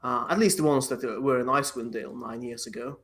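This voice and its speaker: A man's voice: mid-range voice, fairly even intonation, quick pace, a bit bright. A man playing a tabletop game, talking in character with formal, courtly phrasing. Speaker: player.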